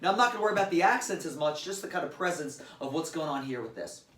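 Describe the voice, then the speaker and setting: Drum teacher guy counting beats out loud, bit of a high voice, echoey room. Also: lively intonation, fast, heavy background noise. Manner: counts beats aloud, explains plainly. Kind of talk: casual instructional demo. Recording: roomy and distant, loud drums behind. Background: loud drum playing.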